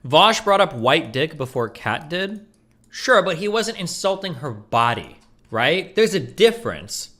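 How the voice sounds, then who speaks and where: Bright, lively man ranting in disbelief. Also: on the high side, measured pace. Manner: profane, incredulous, rising to shouting rants. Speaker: streamer reacting to a debate. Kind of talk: heated reaction commentary.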